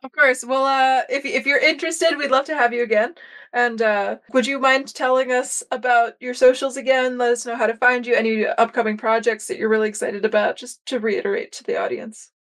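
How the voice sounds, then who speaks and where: A woman's voice: fairly high pitch, brisk. A young woman hosting a podcast, chatting casually and telling stories in a rambling way with many fillers. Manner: rambling, many fillers and restarts, animated storytelling. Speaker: podcast host. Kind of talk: casual chat.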